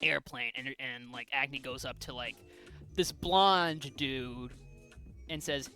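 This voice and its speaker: A podcast co-host with a mid-range, bright and forceful voice speaks slowly with fairly even intonation over soft background music. He rambles as he retells a comic's plot, with plenty of fillers and restarts.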